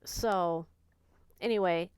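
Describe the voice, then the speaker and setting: A woman's voice: fairly low pitch, slow, a little mellow, clear, resonant tone, poor audio. A woman talking candidly and earnestly in a personal vlog, reflecting on her own reactions and on learning to be patient with herself. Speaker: vlogger.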